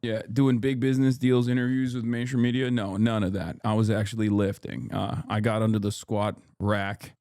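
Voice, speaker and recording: An American political commentator runs a live stream, reading chat aloud and responding in a rambling, joking, loose and irreverent style. His voice is on the low side with a darkish tone, captured dry at studio quality.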